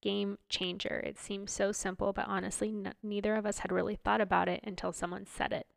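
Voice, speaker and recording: This young woman co-hosts a podcast with her husband, chatting away with frequent laughter while sounding stuffed up and running short of breath. Her mid-range voice is creaky, level in tone, and a little fast. The close studio mic gives clean sound with no echo.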